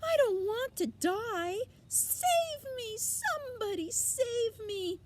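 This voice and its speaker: A woman's voice: sing-song, moderate pace, a little mellow, a little hiss or hum. Woman doing a sobbing, panicked young pig. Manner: wailing, sobbing, shrill pleading.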